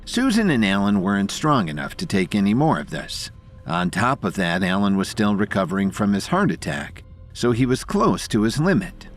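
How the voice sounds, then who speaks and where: A man's voice: fairly low pitch, big pitch swings, moderate pace, faint music behind. A man narrating an audio drama with dramatic storytelling.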